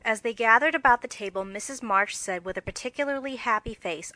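A woman reads a classic novel aloud in an expressive, measured way. Her voice is bright and forward, recorded close and dry with no room sound. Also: medium pitch, no room sound, poor audio. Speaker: audiobook reader. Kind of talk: audiobook narration.

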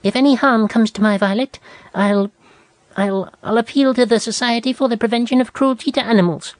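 A woman doing a shrill, pompous, overdressed society lady who fusses endlessly over her lost dog, her voice riding high in a dry, close recording. She scolds everyone around her with indignant outrage. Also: brisk, dry recording, natural voice.

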